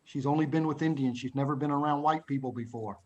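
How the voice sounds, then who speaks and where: A young woman calmly explaining something, as a male teacher voices her. It sounds close to his own fairly high speaking voice, just a touch lower and plain. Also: fast, dull audio, a little hiss or hum, natural voice.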